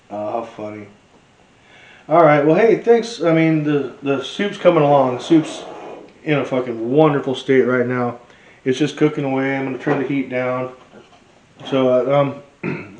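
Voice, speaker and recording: A man tells a long, rambling story as he cooks, swearing freely and laughing between lines. His voice sits at a middle pitch. The sound is dull and roomy, like a kitchen caught on a basic mic. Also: a little mellow. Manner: profane, rambling, laughs often. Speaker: cooking show host. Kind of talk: casual storytelling while cooking.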